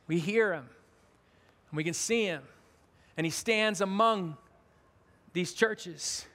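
A man's voice: high-pitched, takes it slowly, long pauses, fairly bright tone. A man, a pastor, preaching a conversational sermon in a church, with earnest talk and frequent restarts. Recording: long hall reverb.

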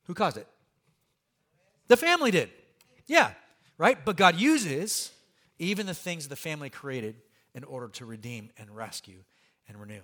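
Animated male pastor preaching. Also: on the high side, moderate pace, long pauses. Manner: conversational, animated preaching with asides and humor. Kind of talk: sermon.

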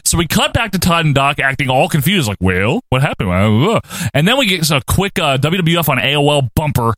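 Lively, sarcastic male podcast co-host. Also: a little high, no echo. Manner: sarcastic, jokey, throws in quick impressions. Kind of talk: casual chat recapping old wrestling shows.

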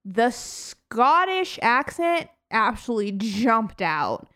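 A woman's voice: a little high, big pitch swings, very slow, pushed and bright. A woman co-hosting a casual movie-review podcast, chatting easily and laughing often as she talks. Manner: giggly, laughs often mid-sentence. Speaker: podcast co-host.

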